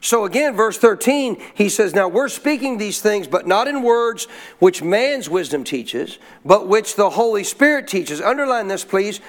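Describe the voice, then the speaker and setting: High-voiced preacher with call-and-response. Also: male voice, big pitch swings, measured pace. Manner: call-and-response, leaves blanks for the crowd to fill; emphatic, repeats key lines. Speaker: pastor. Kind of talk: sermon. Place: church service.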